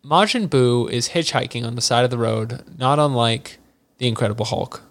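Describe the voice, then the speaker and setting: A man's voice: mid-range voice, moderate pace. A man co-hosting a podcast, recapping an anime episode in casual comedic chat and slipping into silly voices. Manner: jokey, does silly character voices. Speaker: podcast co-host.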